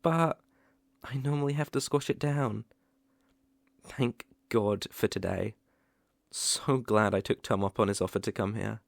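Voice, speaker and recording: A tender, remorseful young ex-boyfriend with a British accent, as a man plays him in a whispered role-play. His voice carries a gravelly, fry-laden edge and he lingers slowly over each halting phrase, close and dry on the mic. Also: on the low side, dry recording. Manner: hesitant, halting, with soft laughs. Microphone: close mic, ASMR.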